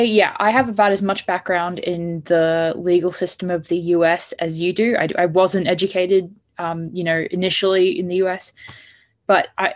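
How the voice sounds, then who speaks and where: Low-voiced hesitant woman co-host. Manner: hesitant, with restarts and fillers. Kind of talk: casual live-stream chat.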